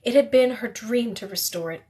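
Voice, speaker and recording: Lady reading a novel out loud, first person, bit of a higher voice, fixes her slips. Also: normal speed. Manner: steady reading with occasional slips and self-corrections. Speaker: reader.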